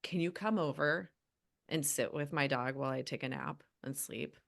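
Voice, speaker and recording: A heartfelt woman with a somewhat low voice speaks as an animal healer on a podcast. She is earnest and gentle. She often breaks off and restarts her sentences as she talks. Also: normal speed, creaky. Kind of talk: casual podcast conversation.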